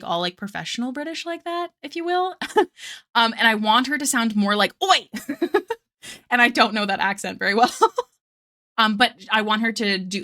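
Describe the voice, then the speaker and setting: A woman's voice: a little high, bright, forceful tone. A woman art streamer chatting casually with her viewers, rambling with lots of fillers and little giggles. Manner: chats with live viewers between tangents. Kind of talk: casual chat while drawing.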